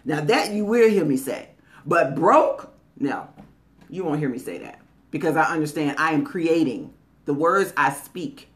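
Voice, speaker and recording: A woman's voice: low-pitched, animated, measured pace. A woman giving a motivational talk in a conversational, folksy way. She is emphatic and repeats key phrases, drawing them out. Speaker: motivational speaker.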